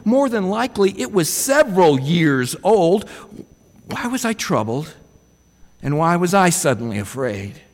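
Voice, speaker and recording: A man's voice: sits high, very animated, a little slow, long reverb tail. A man preaching a sermon in a reflective way, often putting rhetorical questions to his listeners.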